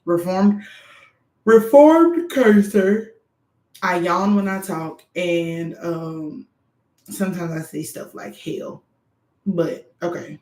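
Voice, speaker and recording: A woman giving frank, animated advice straight to her viewers in a candid monologue. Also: fairly low pitch, slow pace. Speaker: doctoral student vlogger. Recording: echoey room.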